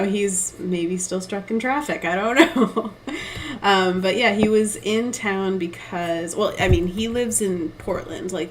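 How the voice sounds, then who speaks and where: A woman's voice: medium pitch, a little hiss or hum, low-quality recording. A young woman artist streaming live, thinking aloud and reading chat in a giggly, self-deprecating way. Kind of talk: casual live-stream chat while painting.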